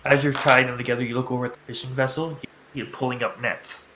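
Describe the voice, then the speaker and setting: A man at a middling pitch guides players through a tabletop adventure. He describes each scene in a calm, measured way. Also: noisy background. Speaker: game master. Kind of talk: narrating a tabletop game.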